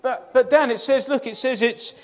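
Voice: high voice, normal speed, heavy background noise. A children's church leader talking playfully and coaxingly with a group of children in a church.

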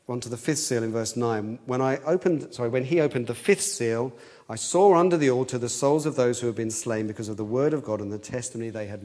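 A man preaching an expository sermon in an earnest way, often repeating words as he thinks aloud and lifting his voice on quoted cries. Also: a little mellow. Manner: rises in pitch and force on quoted cries.

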